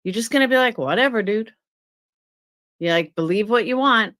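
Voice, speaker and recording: A woman's voice: on the high side, animated, fast talker, fairly bright tone. A woman on a live stream telling a story and ranting bluntly, with swearing. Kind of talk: casual live-stream rant.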